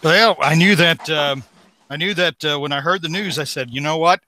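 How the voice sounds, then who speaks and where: A man on a podcast panel in casual chat, measured and hesitant, with a dry sense of humor. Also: on the high side, pushed and bright, slight background noise.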